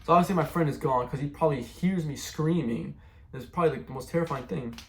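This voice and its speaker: Talking fast in a fairly high pitch, this young man gives his personal testimony. It comes out casual and rambling, with plenty of "like" and "bro" sprinkled throughout.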